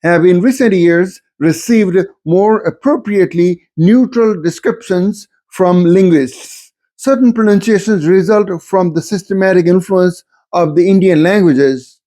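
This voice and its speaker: A male lecturer with a fairly high, mellow voice. He explains in a measured way and pauses to give spoken examples. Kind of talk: recorded lecture on English varieties.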